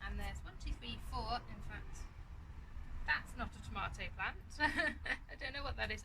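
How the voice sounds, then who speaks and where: A woman with a fairly high voice chats her way through repotting plants in her garden, laughing softly as she works. Her talk is loose and friendly, and she breaks off to speak to her dog. The outdoor recording carries a clear layer of background noise. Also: normal speed. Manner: chatty, giggly, talks to her dog while working. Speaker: gardening vlogger. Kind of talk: casual gardening tutorial.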